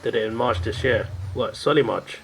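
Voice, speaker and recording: A man's voice: mid-range voice, moderate pace, gravelly, slight background noise, low-quality recording. A young man chatting casually while playing a racing game, rambling through jokey anecdotes full of British slang. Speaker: gaming video creator. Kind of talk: casual gameplay chat.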